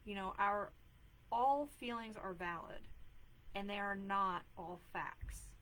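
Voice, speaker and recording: In a rough recording, a woman in her thirties speaks slowly in a mid-range, fairly bright voice. She's a mom life coach hosting a live video, casually chatting and giving earnest advice packed with filler words.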